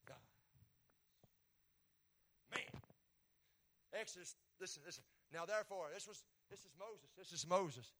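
A middle-aged man, preaching a folksy, joking sermon in a church and swinging from loud to soft. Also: high-pitched, unhurried, long pauses, background noise.

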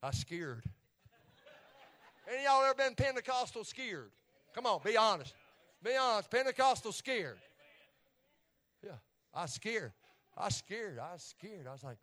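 Animated high-voiced preacher man. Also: moderate pace, pauses often. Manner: animated, swings from hushed to shouting, repeats phrases. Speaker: preacher telling a testimony. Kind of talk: sermon storytelling.

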